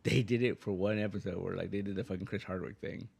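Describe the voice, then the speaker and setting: A man's voice: lowish voice, steady tone, fast talker, creaky, a little mellow, husky. A man co-hosting a podcast, telling a profane, rambling story in casual chat and laughing often. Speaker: podcast co-host.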